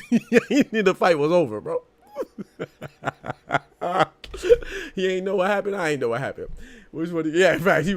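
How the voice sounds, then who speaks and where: A man hosts a boxing live stream from his desk, his mid-pitched voice jumping up and down as he talks. He breaks into laughs often and keeps tossing in "bro" as he riffs to his chat in a loose, casual way. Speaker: boxing podcast host.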